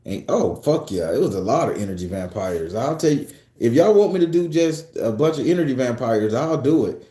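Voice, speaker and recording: A man chats on a livestream from a room at home, swearing freely and joking as he reads out viewer comments. His voice is mellow and warm, and the room adds a noticeable echo. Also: mid-range voice, expressive, fairly quick. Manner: loose, profane, joking storytelling. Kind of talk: casual livestream chat.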